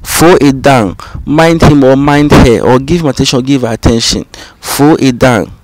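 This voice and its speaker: A man teaching vocabulary, saying each phrase twice in a calm, patient way. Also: mid-range voice, moderate pace, no echo, poor audio. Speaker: language teacher. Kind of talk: slow, repetitive vocabulary drill.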